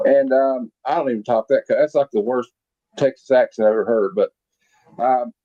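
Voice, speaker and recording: This podcast host reviews a movie in a loose, rambling chat, with lots of fillers and restarts. His mid-range voice is fairly even and moderately paced, and the video-call recording sounds muffled.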